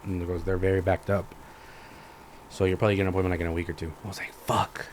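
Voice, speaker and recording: A man's voice: low voice, racing, slight background noise. Profane ranting young man. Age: young adult. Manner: profane, animated, acts out both sides of conversations. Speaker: podcast host. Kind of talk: ranting casual storytelling.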